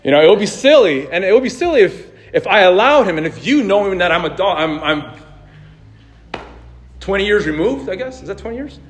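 A man's voice: high-pitched, very animated, normal speed. A man in his thirties preaching a sermon in a casual, conversational way, telling stories and laughing easily. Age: 30s. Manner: casual, anecdotal, laughs easily, many restarts. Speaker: pastor.

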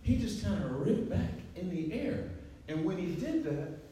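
A man's voice: sits high, sing-song, unhurried, mellow, slight background noise. Man in his 40s preaching, casual and joking, heard from a distance in a very echoey church. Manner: conversational, joking, laughs often. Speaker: preacher and track coach. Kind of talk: sermon. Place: church sanctuary. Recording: echoey hall, mic at a distance.

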